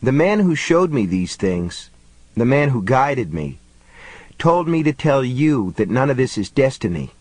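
A man voicing a solemn young boy who talks quietly and gravely about terrible things. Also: medium pitch, sing-song, unhurried, no room sound.

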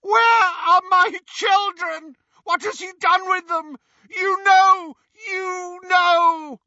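A man voicing a distraught, wounded beggar with a cracked, high-pitched voice, shouting desperately. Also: steady tone, drawn-out words, no room sound, highs cut off, heavily acted. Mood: frantic shouting. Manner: bellowing, pleading, desperate.

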